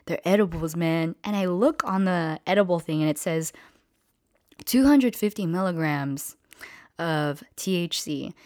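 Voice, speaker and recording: A woman's voice: on the low side, animated, measured pace, darkish tone, dry recording, clean studio sound. A woman telling a casual story, slangy and freely profane, who acts out the people she quotes.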